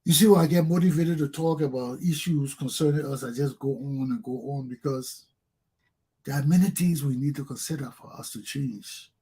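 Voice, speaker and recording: Man, Liberian English accent, talk show host, impassioned, husky. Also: normal speed. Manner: preachy and fiery, swings from low intensity to shouting. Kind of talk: impassioned monologue.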